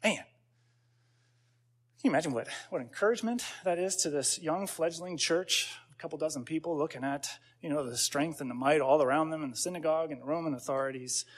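A man's voice: on the high side, fairly quick. A man pastor giving a conversational sermon, telling stories with casual asides and building to emphatic points.

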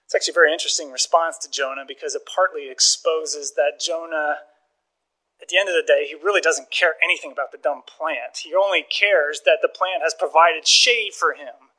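A man preaching a sermon, telling stories with lively acted-out dialogue and frequent chuckles. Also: a little high, fairly quick, poor audio. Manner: animated storytelling, acts out dialogue, chuckles often. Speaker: pastor.

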